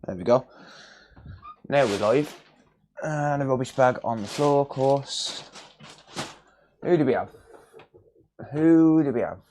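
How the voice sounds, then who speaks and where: Slow-talking man chatting on stream. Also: medium pitch, a little hiss or hum. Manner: relaxed, jokey, reads chat names aloud. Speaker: electronics repair livestreamer. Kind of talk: casual livestream chat, greeting viewers. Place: cluttered home workshop room.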